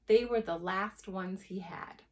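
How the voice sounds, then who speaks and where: A woman's voice: mid-range voice, measured pace, darkish tone, lightly acted. A woman reading aloud, voicing a sweet, fussy mother who dotes on her son. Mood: cooing. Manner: sweet, cooing. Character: doting, fussy suburban mother.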